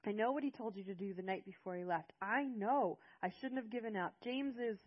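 A woman's voice: mid-range voice, brisk, dull audio, voice pushed up, natural voice. A woman voicing an urgent, pleading father who begs his daughter to listen, in an audiobook. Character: urgent desperate father, older man.

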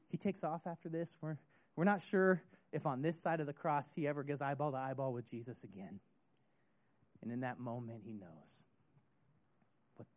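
A man preaching a sermon as a youth pastor, retelling a story with an expressive delivery. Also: medium pitch.

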